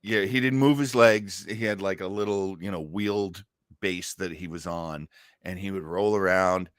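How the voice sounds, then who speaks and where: A man's voice: sits low, moderate pace, a bit bright, no room sound, clean studio sound. A man co-hosting a podcast, telling a rambling story with many restarts in casual chat. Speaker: podcast co-host.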